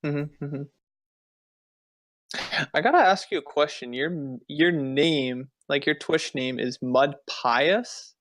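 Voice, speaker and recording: A man's voice: fairly high pitch, fairly bright tone, dry recording. A man co-hosting a casual podcast, speaking hesitantly with lots of mm-hmms. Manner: slow, hesitant, with many mm-hmms. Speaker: podcast co-host. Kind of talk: casual chat.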